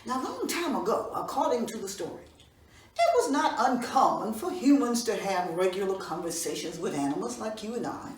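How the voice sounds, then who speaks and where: Expressive woman storyteller in an echoey room. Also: mid-range voice, normal speed. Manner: expressive, folksy narration. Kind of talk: folk tale storytelling for children. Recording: roomy echo from a distance, faint room noise.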